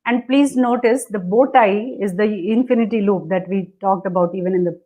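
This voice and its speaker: A woman's voice: mid-range voice, normal speed, warm tone. A woman coaching on relationships, dictating step by step over a video call and acting out the attitudes she describes. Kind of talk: instructive conversation.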